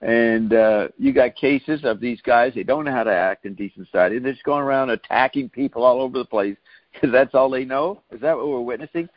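A man interviewing a guest on a talk show, putting his questions in a halting, hesitant way. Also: mid-range voice, dry recording, lo-fi sound.

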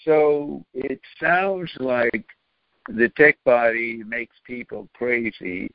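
A man asking slow, probing questions in a podcast discussion. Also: medium pitch, no echo, narrow, tinny audio.

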